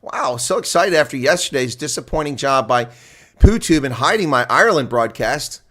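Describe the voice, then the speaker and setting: Excitable male rugby commentator. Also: moderate pace. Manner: excitable, jumps up high at big plays. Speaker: live reaction commentator. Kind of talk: live rugby play-by-play commentary.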